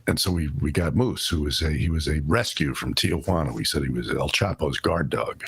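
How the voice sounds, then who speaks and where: Man, very deep voice, husky, animated, casual chat. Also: brisk, no room sound.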